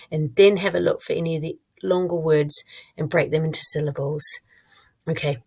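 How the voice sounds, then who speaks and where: A woman teacher giving a recorded online lesson, modelling her own writing aloud in a clear, encouraging way. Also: deep voice. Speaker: primary school teacher.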